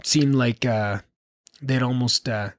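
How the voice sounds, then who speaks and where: A man's voice: medium pitch, steady tone, slow, no echo, clean studio sound. Blunt, profane man ranting on a podcast. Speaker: podcast host. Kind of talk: solo podcast rant.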